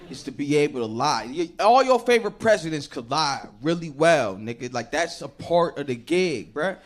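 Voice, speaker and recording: A man performing a stand-up comedy set, telling stories with animated delivery, loud bursts and acted-out voices. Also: a little high, normal speed, hardly any pauses, noisy background. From Chicago. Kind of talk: stand-up set before a live audience. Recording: live club set with audience laughter.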